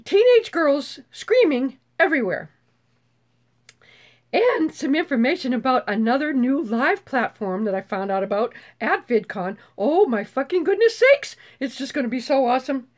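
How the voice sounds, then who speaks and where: An older woman hosts a YouTube channel in a casual live chat, her high voice swinging widely up and down at normal speed. Bubbly and freely swearing, she breaks into screeches when excited.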